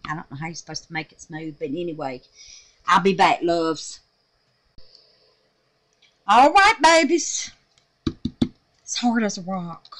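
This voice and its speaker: A woman's voice: on the low side, a bit bright, a little hiss or hum. A woman chatting through a soap-making vlog, gushing and exclaiming and calling her viewers honey and babies. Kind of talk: casual craft vlog chat.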